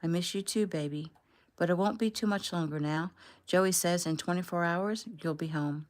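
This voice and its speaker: A woman's voice: fairly low pitch, moderate pace, lightly acted. A woman reading as a doting, overjoyed mother. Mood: tender. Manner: tender, doting. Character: loving middle-aged mother, overjoyed, tender.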